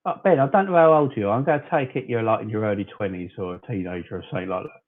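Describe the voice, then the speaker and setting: A man's voice: on the low side, racing. A man in his forties from southern England, hosting a casual fan livestream, chatting loosely and arguing back at commenters he calls "fella". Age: 40s. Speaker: fan channel host. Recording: tinny phone-like sound.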